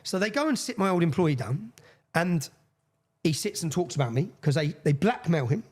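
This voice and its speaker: A man's voice: on the high side, husky. A man, a podcast guest telling a long story with energy, swearing and acting out the people he quotes. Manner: fast, excitable, swears, acts out quoted voices. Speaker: interview guest. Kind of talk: animated storytelling in a podcast interview.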